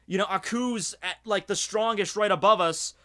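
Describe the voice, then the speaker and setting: A man from Scotland giving casual, rambling video commentary, excited and swearing freely, with lots of fillers. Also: high voice, normal speed. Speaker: video reviewer.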